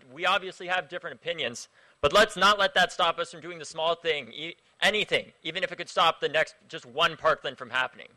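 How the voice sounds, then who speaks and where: Young man, rally speech, high voice, very bright and forceful, impassioned, outdoor stage. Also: low-quality recording. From Florida. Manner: impassioned, rising to shouted chants with the crowd. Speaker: activist speaker at a rally.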